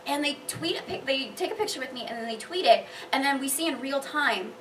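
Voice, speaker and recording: A woman cosplayer speaks on a convention panel, quick to laugh and animated as she tells her stories. Her voice sits high. She is picked up from some distance with a faint hiss in the room. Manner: bubbly, laughs often, animated storytelling. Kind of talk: casual panel chat.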